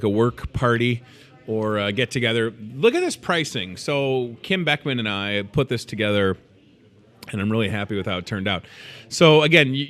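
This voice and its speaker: A man's voice: mid-range voice, a bit bright. A man hosting a store's daily show, chatting casually and joking about food with playful asides. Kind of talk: casual chat.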